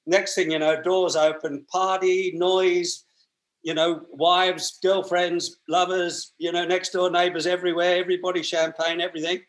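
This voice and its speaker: Australian male guest, slightly high pitch, chatty storyteller who laughs mid-sentence. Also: little pitch movement, normal speed, fairly bright tone. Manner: chatty, rambling, laughs while telling stories. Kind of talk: anecdotal storytelling.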